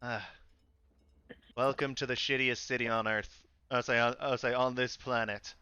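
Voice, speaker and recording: A man voicing a brash female tabaxi dockside fighter in a rough attempt at a Cockney voice, teasing and gruff. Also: medium pitch, fairly even intonation, moderate pace, bright, forceful tone, no echo, pitched below the performer's own voice, lightly acted. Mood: welcoming. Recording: dry, slightly dull home mic.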